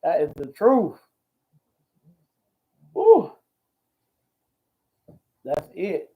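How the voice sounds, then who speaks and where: A man hosting a ministry talk show, talking in a folksy, preachy way, repeating himself and whooping with excitement. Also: high voice, drawn-out words. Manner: exclamatory and repetitive, whooping with excitement. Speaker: host. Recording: dull lo-fi audio.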